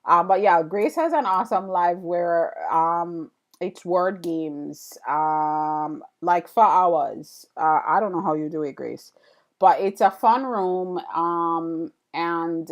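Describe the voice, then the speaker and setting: A woman's voice: lowish voice, takes it slowly, dull audio. A woman chatting casually with viewers on a live stream while she draws, thanking them by name and trailing off into fillers and restarts. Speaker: illustrator live-streaming a drawing session.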